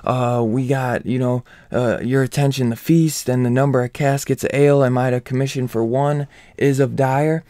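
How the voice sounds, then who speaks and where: A man's voice: medium pitch, steady tone, moderate pace, few pauses, mellow, no echo, clean studio sound, lightly acted. A man voicing a stout, jolly male warrior who rambles hesitantly about feasts and ale. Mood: rambling.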